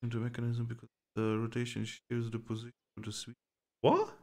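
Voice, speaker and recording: A man's voice: medium pitch, completely flat delivery, fast talker, darkish tone. A man giving let's-play reaction commentary, incredulous and exasperated, swearing and bursting into laughter at the game. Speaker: gaming YouTuber.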